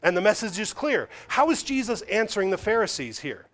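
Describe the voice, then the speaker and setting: A man preaching a sermon as a pastor, asking and answering his own questions and acting out the people he quotes. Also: brisk. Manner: animated, acts out the quoted voices with big pitch swings.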